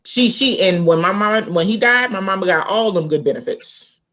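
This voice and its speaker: At medium pitch and a moderate pace, a woman author from South Carolina tells a family story as a guest in a relaxed interview. She's an animated narrator who acts out the voices she quotes.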